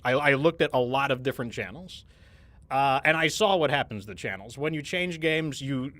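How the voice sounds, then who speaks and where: A gaming streamer talks casually to his viewers, rambling through a candid story with frequent restarts. His voice sits a touch high, with a bright, forward tone. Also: no room sound.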